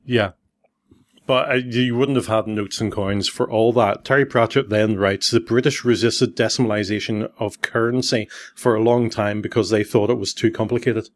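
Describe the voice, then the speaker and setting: A man's voice: lowish voice, steady tone, normal speed. A man hosting a podcast, explaining things at length in a casual, chatty way. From Northern Ireland. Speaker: podcast host.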